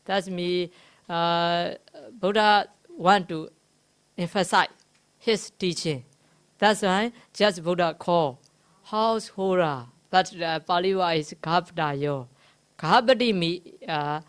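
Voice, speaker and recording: A woman gives a slow, unhurried Dhamma talk as a Buddhist teacher. Her voice is fairly low and clear, and she pauses often with fillers while she explains each word. Now and then she gently teases her listeners. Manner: halting, explains Pali terms slowly with many fillers; gently teasing the audience. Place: meditation centre hall.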